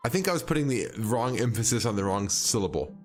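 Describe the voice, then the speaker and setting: A man's voice: mid-range voice, animated, quick pace, faint music behind. A man chatting casually with viewers while streaming a game, rambling and hesitant, full of fillers and restarts and frequent chuckles. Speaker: livestreaming game player. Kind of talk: casual gameplay chat with viewers.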